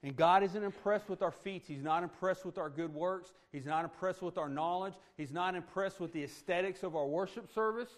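A pastor delivers a sermon in a fairly high voice for a man. He talks to the congregation like a conversation, tossing in "right?" often. He swings from loud, emphatic declarations down to hushed, almost murmured lines. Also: brisk, hardly any pauses. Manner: conversational preaching with frequent "right?" asides; swings between loud emphatic points and hushed, soft passages.

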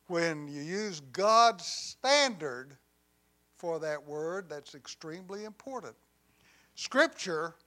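A man preaching a sermon with deliberate delivery, swinging from loud emphasis to near quiet on key lines, with humorous asides. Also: high-pitched. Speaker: pastor.

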